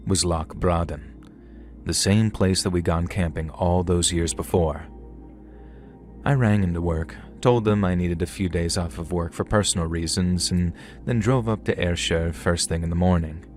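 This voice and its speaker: A man's voice: deep voice, darkish tone. A man narrating a first-person horror story in a conversational tone with dry humour.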